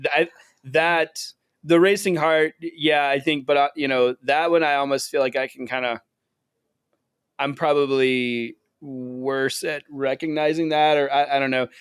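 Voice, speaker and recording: A man's voice: fairly high pitch, steady tone, measured pace, clean tone, no echo. A man co-hosting a casual podcast, easygoing and hesitant, laughing a lot. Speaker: podcast co-host. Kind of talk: casual conversational podcast chat.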